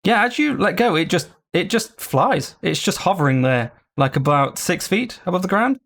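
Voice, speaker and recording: Animated game master narrating. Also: mid-range voice, normal speed. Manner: animated, laughing, loose narration.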